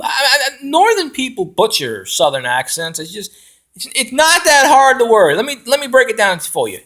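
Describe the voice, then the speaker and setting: Profane, animated ranting football fan man. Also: high voice, moderate pace. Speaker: fan commentator.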